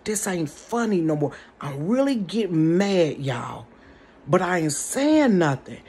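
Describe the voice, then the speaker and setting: A woman's voice: fairly low pitch, measured pace, breathy edge. Chatty woman doing storytime from her bedroom, talks right to the viewers, voice goes up n down a lot. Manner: animated, chatty, addresses the audience directly. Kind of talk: casual storytime.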